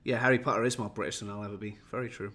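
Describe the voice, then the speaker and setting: A man's voice: lowish voice, steady tone, rapid-fire, fairly bright tone, slight background noise. A tired, jetlagged man from Wales, rambling and self-mocking as he chats with viewers on a livestream. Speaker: livestream host. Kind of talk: casual livestream chat.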